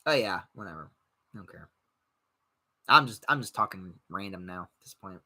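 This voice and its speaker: Podcast host, young guy, lively pitch, bright voice, blunt and profane rambling. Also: moderate pace. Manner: blunt, profane, animated, mocks others in put-on voices. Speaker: podcast host reading live chat. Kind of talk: casual rambling chat.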